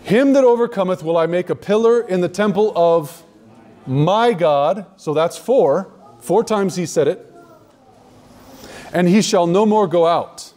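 Guy preaching to a crowd, kinda high voice, leans hard on key words. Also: dark tone. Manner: emphatic, slows down to stress key words, addresses the audience directly. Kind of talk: sermon.

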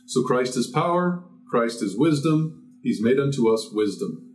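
A man preaching a Bible teaching sermon, explaining verses step by step with rhetorical questions and emphatic rises in pitch. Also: lively intonation, measured pace, a little mellow.

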